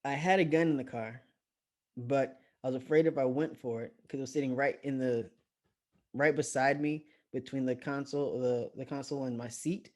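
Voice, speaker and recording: A young man casually telling a story to camera, animated, swearing and often laughing. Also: mid-range voice, moderate pace.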